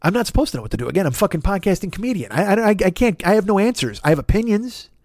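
A man's voice: high voice, big pitch swings, rapid-fire, a little mellow, no room sound, clean studio sound. A man, a podcasting comedian, delivers an exasperated, profane comedic rant full of stammered restarts.

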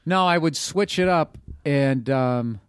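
A man's voice: a little high, slow, clean tone, no echo. A man in his forties with a Boston accent, a comedian guest on a podcast interview, telling rambling, self-deprecating stories into a studio microphone.

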